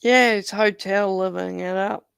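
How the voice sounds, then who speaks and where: A man's voice: high-pitched, fairly even intonation, measured pace, gravelly, fairly bright tone, clean tone, dry recording. A man, chatting casually on a live panel and swearing bluntly. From New Zealand. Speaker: panel guest. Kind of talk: casual chat.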